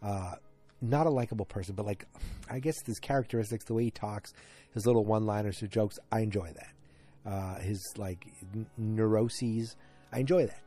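A man with a fairly low, mellow voice talks through a TV episode in a loose solo recap. He rambles, restarts his sentences and fills the gaps with ums. Soft music plays faintly behind him. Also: normal speed. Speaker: TV episode reviewer.

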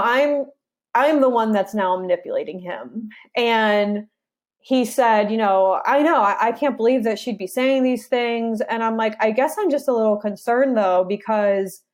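Young woman animatedly retelling her story. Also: fairly high pitch. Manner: animated retelling, acting out her side of conversations. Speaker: interview guest. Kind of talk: casual personal storytelling.

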